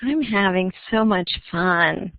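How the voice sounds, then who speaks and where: A woman's voice: on the low side, lively intonation, slow, no room sound. A woman teacher running an online algebra class, chatty and laughing, with many fillers. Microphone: computer mic in online class. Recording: dull dry lo-fi computer audio.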